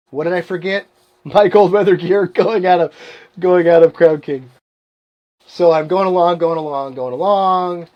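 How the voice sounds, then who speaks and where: Animated middle-aged man telling a story. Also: on the high side. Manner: animated, laughs often, acts out quoted voices. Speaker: podcast host. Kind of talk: casual storytelling monologue.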